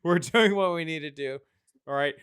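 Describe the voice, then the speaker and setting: A man's voice: on the high side, normal speed, a bit bright, clear, resonant tone, lightly acted. A man voicing blunt, fed-up crewmen who brashly refuse a mission. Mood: dismissive. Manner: brash, dismissive, laughing. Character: blunt fed-up male crew members.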